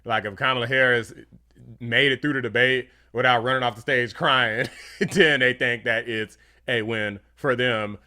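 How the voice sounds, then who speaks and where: A man's voice: medium pitch, fairly even intonation, normal speed, sharp tone. A man commenting on clips for his channel in a casual, slangy, dismissive way. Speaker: YouTube commentator. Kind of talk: reaction video commentary.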